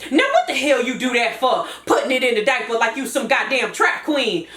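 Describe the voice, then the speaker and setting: Woman putting on a raspy, scolding old mama. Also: a little high, sing-song, a little fast, a bit bright, roomy sound. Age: older. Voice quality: raspy, throaty. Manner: scolding, cursing. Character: grumpy older grandmother, sharp-tongued.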